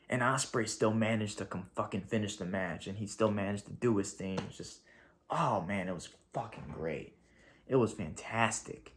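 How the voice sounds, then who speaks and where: A man talking through a wrestling show in a casual video review, excitable and gushing, swearing freely and rambling with slang. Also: fairly low pitch.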